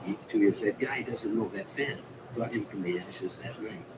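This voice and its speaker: A man's voice: on the low side, background noise. Man telling a story from a distant mic. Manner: slow, vivid storytelling. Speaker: entertainer recalling a tour. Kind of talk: storytelling anecdote.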